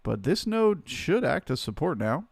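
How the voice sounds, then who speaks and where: A man hosting a live trading stream, talking through the market in a relaxed, chatty way and greeting viewers by name. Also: fairly high pitch, measured pace, vocal fry, slightly rough, no room sound, clean studio sound.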